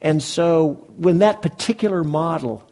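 Man teaching meditation to a room, kinda gravelly and husky, keeps asking "right?". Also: on the high side, unhurried, mellow. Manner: conversational, checks in often with the audience. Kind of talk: dharma talk to a live group. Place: meditation hall.

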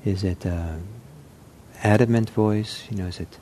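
A man with a lowish, mellow voice gives an unhurried meditation talk. He talks in a gentle, reflective way, pausing often and restarting his sentences. A faint hiss sits underneath him. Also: fairly even intonation. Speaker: meditation teacher. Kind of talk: unscripted dharma talk.

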